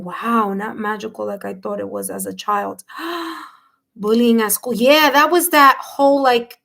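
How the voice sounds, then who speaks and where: A woman hosting a live tarot reading, talking effusively to viewers and gasping and exclaiming as she reads their replies. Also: mid-range voice. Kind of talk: live-stream chat, reading viewer comments aloud.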